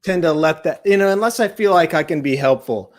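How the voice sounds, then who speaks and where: High-voiced man hosting a comedy telethon. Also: fairly quick. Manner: rambling, hesitant, deadpan. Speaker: telethon host. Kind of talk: improvised comedy banter.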